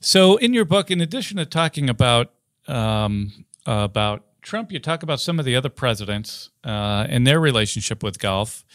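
A man's voice: medium pitch, sing-song, moderate pace, a bit bright, no echo, clean studio sound. A man hosting an interview, asking long questions with restarts and fillers. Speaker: interview host.

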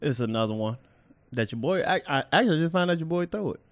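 A man's voice: fairly high pitch, expressive, quick pace, no room sound, studio quality. A man co-hosting a casual podcast, blunt and laid-back, trailing off into fillers. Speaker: podcast co-host. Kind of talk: casual chat.

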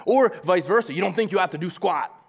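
Animated casual young-sounding male preacher. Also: high-pitched, fast, gravelly, breathy edge. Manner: animated, casual, acts out quotes in a lively voice. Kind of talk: sermon.

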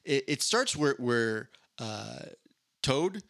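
Bright-voiced man rambling jokily. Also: mid-range voice, big pitch swings, slow pace, no echo, clean studio sound. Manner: rambling, jokey, stumbles and restarts. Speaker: podcast co-host. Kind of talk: casual comedic chat.

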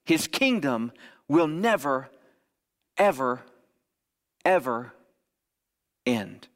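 A man's voice: mid-range voice, big pitch swings, very slow, a bit bright, in a large hall. A man preaching a sermon in a conversational way, often checking in with "right?". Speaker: pastor.

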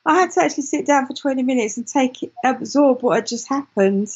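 A woman guest in an interview, telling her story in an animated way with many restarts. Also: sits high, fairly quick, slightly rough, lo-fi sound. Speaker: guest, client. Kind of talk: interview chat.

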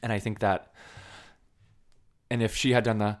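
A man from Vermont talking casually about a film, animated, with lots of filler words. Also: on the low side, normal speed. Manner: animated, many fillers, acts out quoted lines.

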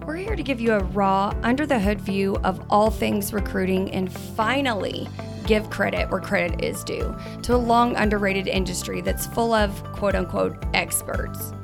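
A woman co-hosting a podcast in relaxed, casual chat, talking fast. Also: medium pitch, creaky, over music. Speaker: podcast co-host.

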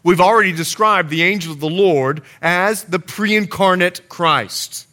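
Pastor guy preaching, lively storyteller, jokey asides, high voice. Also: a little slow. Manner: animated storyteller with playful asides. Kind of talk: sermon.

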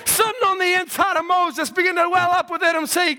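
A male preacher with a very high, bright and forceful voice. He delivers an impassioned sermon, pressing his points home, calling out hallelujah and climbing into shouts. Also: brisk, hardly any pauses. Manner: impassioned, repeats cries of hallelujah, rises to shouts. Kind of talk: fervent sermon.

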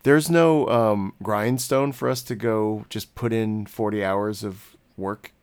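Podcast co-host: man in his own voice, rambling, self-deprecating, quick to laugh; casual chat. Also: on the low side, a little mellow, clear, resonant tone. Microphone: webcam.

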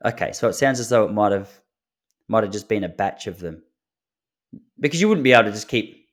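A man's voice: on the low side, lively intonation, fairly quick. A man, hosting a podcast as a laid-back comedic storyteller who chuckles at his own jokes. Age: 30s. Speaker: podcast host. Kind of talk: solo comedic podcast monologue.

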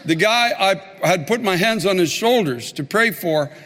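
Male pastor, high voice, animated sermon storyteller who repeats lines for emphasis, long reverb of a church hall. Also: measured pace.

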